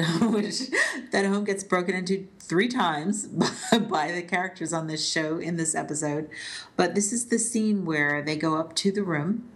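Podcast co-host, female, lower register, animated recapper. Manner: animated, retells scenes at length. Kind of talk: casual TV discussion podcast.

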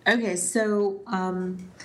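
A woman co-hosting a casual podcast, retelling scenes from a TV episode at length in an animated way. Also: mid-range voice, extremely slow.

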